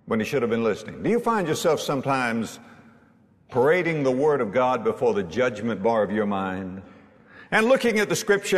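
A man preaching a sermon with emphasis, repeating key lines and reading scripture aloud. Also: mid-range voice. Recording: long hall reverb.

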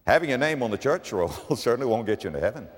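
Man preaching with big swings in pitch. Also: sing-song, fast talker. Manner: dramatic swings from loud high emphasis to low quiet asides. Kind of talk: sermon. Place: church. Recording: long reverb of a church hall.

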